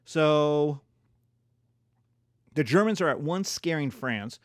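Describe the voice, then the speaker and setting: A man's voice: a little high, animated, moderate pace, dry recording, clean studio sound. A man giving a playful history lecture, acting out countries in silly voices.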